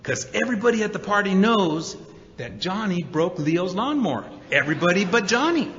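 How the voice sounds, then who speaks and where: A man stands before an audience in a large hall, telling his story with lively energy and acting out the people in it. His voice sits high and sounds bright and forceful. The long reverb of the room and a faint murmur of ambience hang behind it. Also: moderate pace, a little hiss or hum. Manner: animated storyteller, acts out quotes, many repeated 'and's. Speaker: recovery meeting speaker. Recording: dull recording in a hall with reverb.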